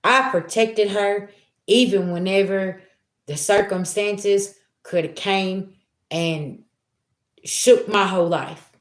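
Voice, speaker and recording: Speaking in a mid-range voice with reverb around it, a middle-aged woman reads tarot on a livestream, chatting casually and openly with viewers. She's streetwise, heartfelt, and swears freely.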